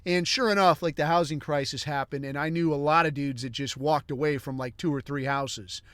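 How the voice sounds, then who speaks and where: High-pitched guy rambling thru a crude funny story, dry sound, lots of swearing. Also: fairly quick, no echo. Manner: rambling, crude, deadpan asides. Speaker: podcast host. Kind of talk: profane comic storytelling.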